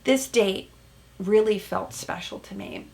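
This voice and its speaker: A woman therapist hosting a casual recap of a reality show, animated and emphatic, with frequent "right?" asides. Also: medium pitch, takes it slowly, creaky.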